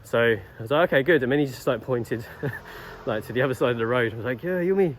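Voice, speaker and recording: A man's voice: mid-range voice, fairly even intonation, fairly quick, slight background noise. A young man vlogging, telling a story in a laid-back, rambling way with lots of fillers and restarts. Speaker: travel vlogger. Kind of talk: casual storytelling vlog.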